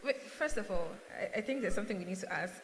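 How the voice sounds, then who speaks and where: A woman's voice: medium pitch, animated, quick pace. A woman panelist on a conference stage, starting her answer hesitantly. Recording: echoey hall, faint noise.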